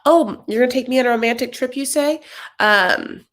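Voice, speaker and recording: A woman's voice: a little high, moderate pace, a bit bright, voice pushed up, close to an everyday voice. A woman putting on a sarcastic impression of a whiny, complaining young wife. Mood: mocking whiny.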